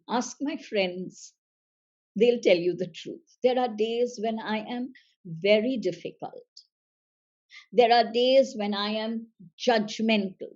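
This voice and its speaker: A woman speaking as a seminar facilitator, in a measured, emphatic way that repeats phrases for weight. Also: fairly high pitch, darkish tone, highs cut off. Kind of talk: slow motivational seminar talk.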